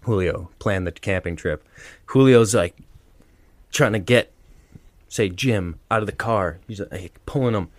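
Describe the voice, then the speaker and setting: A young man co-hosting a podcast, telling an animated story with lots of laughter and acted-out quotes. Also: on the low side, measured pace, long pauses, no echo. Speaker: podcast co-host. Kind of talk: casual storytelling chat.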